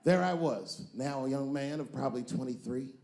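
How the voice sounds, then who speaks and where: A male comedian telling a long story on stage, moving between loud punchlines and low, drawn-out asides. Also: vocal fry, echoey room. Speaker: stand-up comedian.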